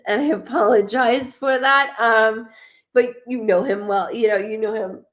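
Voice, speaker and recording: A woman giving a live psychic reading, talking in quick, rambling bursts and often correcting herself. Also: on the high side. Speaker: psychic medium. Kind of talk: live-streamed reading to viewers.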